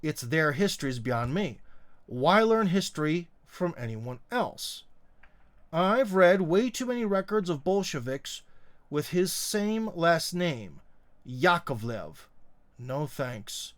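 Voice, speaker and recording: Man, middle-aged, livestream host, blunt, sarcastic, fillers and restarts, slightly high voice. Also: sing-song, takes it slowly. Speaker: live stream host. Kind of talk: casual opinion livestream reading comments.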